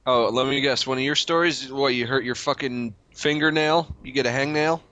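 A man's voice: mid-range voice, normal speed, pushed and bright, dry recording. A man co-hosting a comedic podcast over a video call, grumpy and sarcastic, teasing his partner and swearing. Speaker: podcast co-host. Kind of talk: comedic casual chat. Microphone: video call mic.

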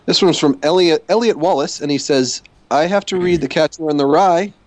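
A man's voice: a little high, brisk, darkish tone, dry recording. A man hosting a casual livestream podcast, reading out listener emails with wry sarcasm. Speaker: podcast host.

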